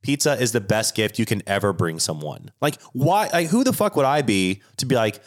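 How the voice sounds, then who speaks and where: A young man co-hosting a podcast, chatting casually with animated, profane rants. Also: mid-range voice, normal speed. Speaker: podcast co-host. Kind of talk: casual chat.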